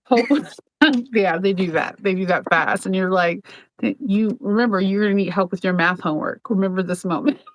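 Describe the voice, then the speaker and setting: A woman in her thirties hosting a casual sewing chat, playful and quick to laugh as she tells stories. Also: mid-range voice, muffled recording. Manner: chatty, laughs often, playful. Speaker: sewing vlog host.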